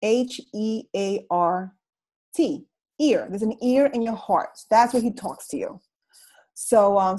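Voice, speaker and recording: A middle-aged woman telling her story on a video call, in a comical, slangy, animated way. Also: on the high side, rough recording. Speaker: guest speaker sharing her story. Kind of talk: casual motivational talk on a video call.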